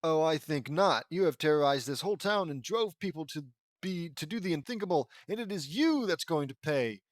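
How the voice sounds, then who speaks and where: A man's voice: a little high, animated, a little fast, no echo, close to an everyday voice. A man voicing a confident young heroine from a fan story he reads aloud.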